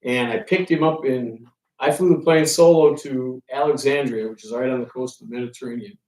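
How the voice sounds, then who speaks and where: A man who works as a ferry pilot tells animated stories to an audience and acts out the conversations he quotes. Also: mid-range voice, a little fast. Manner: animated anecdotes, acting out quoted exchanges. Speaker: ferry pilot and author giving a talk. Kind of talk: storytelling talk to an audience. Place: room with an audience. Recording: echoey room, from a distance.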